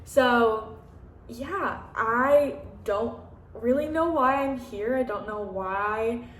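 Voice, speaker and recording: A young woman chats candidly to camera in her apartment, her voice fairly high and easygoing, peppered with "like" and fillers as she acts out conversations. She sits a little back from the microphone, so the room echo is clear, with a faint hum of ambience behind her. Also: extremely slow. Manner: chatty, many fillers and "like", acts out quoted dialogue. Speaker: vlogger. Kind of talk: candid casual chat. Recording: roomy echo, slightly distant mic.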